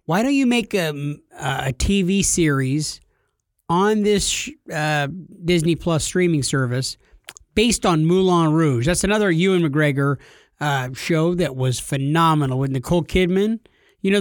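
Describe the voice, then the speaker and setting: A man's voice: a little high, normal speed, no room sound, clean studio sound. A young man co-hosting a podcast, playful and teasing in casual chat. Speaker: podcast co-host.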